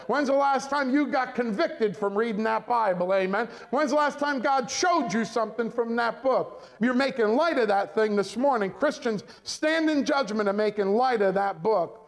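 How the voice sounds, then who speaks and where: Male pastor, very high pitch, emphatic sermon delivery that calls for amens. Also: moderate pace, few pauses. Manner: emphatic preaching, keeps asking the congregation "amen?".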